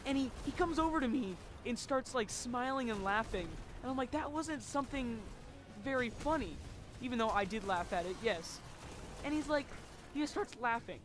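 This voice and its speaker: Over gameplay, a casual storyteller rambles through a story time, leaning on constant fillers and dropping the odd swear word. The voice is middling in pitch, fairly quick and lively in intonation, with a faint hiss of noise underneath.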